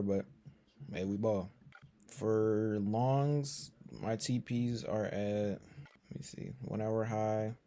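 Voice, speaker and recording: A tired young man running casual commentary on his own trading, slangy and full of fillers, dropping to low mutters and then breaking into loud swearing. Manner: slangy, filler-heavy talk. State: tired from little sleep. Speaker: day trader streaming his session.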